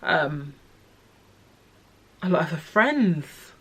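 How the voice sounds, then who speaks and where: A young adult woman talking to camera about personal grief, soft and halting, often sinking to a near-whisper. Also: low voice, very animated, husky. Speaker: vlogger sharing personal experience.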